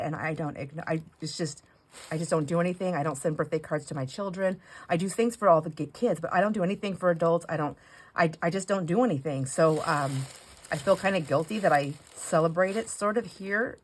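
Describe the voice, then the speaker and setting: A middle-aged woman chatting casually as a craft vlogger, gushing and rambling with self-corrections, turning squeaky when excited. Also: slight background noise, low-quality recording. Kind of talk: casual chat while opening mail.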